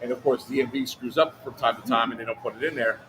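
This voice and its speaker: A man telling a story in casual chat on a livestream, animated and profane, acting out other people's lines. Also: medium pitch, fast talker, slight background noise, rough recording. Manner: animated, profane, acts out quotes in a raised voice. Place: outdoor airsoft event.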